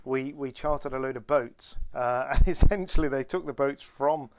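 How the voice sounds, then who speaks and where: A man casually telling an animated anecdote on a podcast, with many restarts. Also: medium pitch, normal speed, slight background noise. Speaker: podcast co-host. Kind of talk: casual storytelling chat.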